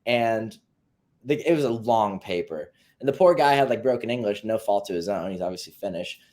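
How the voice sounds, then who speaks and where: Low-voiced young man telling stories. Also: fairly quick. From United States. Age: 20s. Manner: animated storyteller who acts out dialogue and laughs mid-story. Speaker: professional soccer player, guest. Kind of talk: casual storytelling interview.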